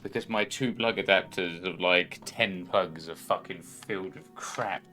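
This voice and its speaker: A man's voice: deep voice, a little slow, pushed and bright, soft background music. A man livestreaming a game, chatting casually in a rambling, sweary way at a home desk mic. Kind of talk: casual chat while gaming.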